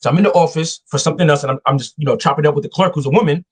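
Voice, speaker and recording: A man's voice: fairly high pitch, rapid-fire, slightly rough. A man talking emphatically as a guest on a casual podcast, telling stories and making his points like a sermon. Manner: emphatic, preachy storytelling.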